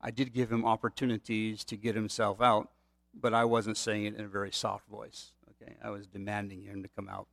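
A man's voice: lowish voice, level tone, fairly quick, gravelly, fairly bright tone, dry recording. Conversational male pastor, dry sound. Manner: conversational, storytelling with asides to the audience. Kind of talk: sermon.

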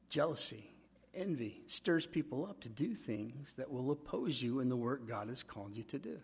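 A middle-aged man with a husky voice, preaching a sermon in a conversational way, telling stories and acting out quotes. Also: mid-range voice, animated, normal speed. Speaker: pastor.

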